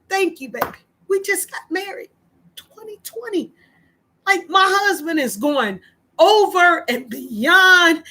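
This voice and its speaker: A woman's voice: very high-pitched, pushed and bright. A woman in her thirties venting emotionally in a personal vlog, tearful and repeating herself as she talks. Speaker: vlogger.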